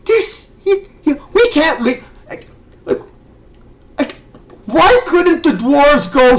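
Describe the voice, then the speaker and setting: A man's voice: extremely high pitch, sing-song, slow pace, long pauses, slight background noise, low-quality recording. A man ranting as a video reviewer, exasperated and sarcastic, swearing and stumbling over restarts as he talks. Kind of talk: ranting commentary.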